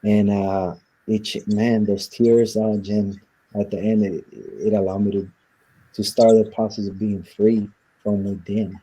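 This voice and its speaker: A man speaks in a husky, low voice with a dark, mellow tone. He tells his story earnestly and reflectively, slipping into the voices of the people he quotes, at the easy pace of an interview conversation. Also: steady tone, unhurried, poor audio. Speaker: interview guest.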